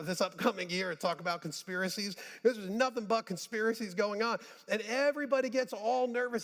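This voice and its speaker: A male pastor preaching a sermon in a church, conversational with joking asides, swinging between hushed and emphatic. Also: high-pitched. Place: church sanctuary. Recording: church hall with long reverb.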